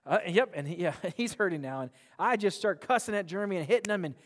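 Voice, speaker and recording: A man's voice: high-pitched, lively intonation, fast talker. A man pastor preaching a sermon in a church, earnest and emphatic, often repeating words as he presses a point. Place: church sanctuary. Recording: long reverb of a large hall.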